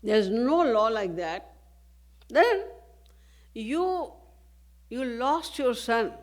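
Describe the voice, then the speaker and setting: A woman spiritual teacher giving a devotional discourse, speaking in a measured way and posing rhetorical questions. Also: medium pitch.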